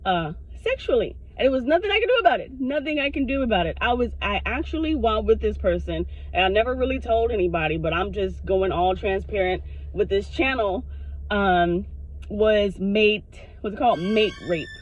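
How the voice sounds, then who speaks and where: A woman vlogger telling a personal story to her camera in a frank, animated way, swearing freely. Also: mid-range voice, moderate pace. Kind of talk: casual storytime monologue. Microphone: self-recorded on camera. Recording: dull lo-fi sound.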